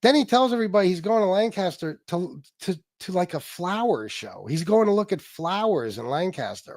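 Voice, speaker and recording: Profane, mocking livestream host, dry sound. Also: male voice, high voice, normal speed, few pauses, dry recording. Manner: profane, mocking, lively storytelling. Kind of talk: casual livestream commentary.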